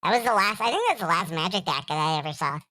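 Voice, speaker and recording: A woman's voice: on the low side, animated, quick pace, pushed and bright. A young adult woman chatting casually on a stream. She rambles, laughs often, and hums along to music.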